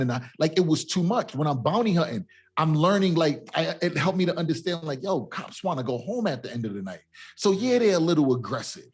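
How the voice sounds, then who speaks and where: A man's voice: on the high side, lively intonation, brisk, breathy edge. A middle-aged man co-hosting a casual podcast, talking emphatically and streetwise, often asking if you see what he's saying. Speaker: co-host.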